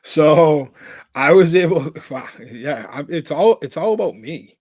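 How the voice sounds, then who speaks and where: A man's voice: fairly high pitch, lively intonation, unhurried, a little mellow, husky. A man co-hosting a podcast, telling stories in a rambling casual chat full of "like" and restarts. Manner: rambling storyteller, many filler "like"s and restarts. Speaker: podcast co-host.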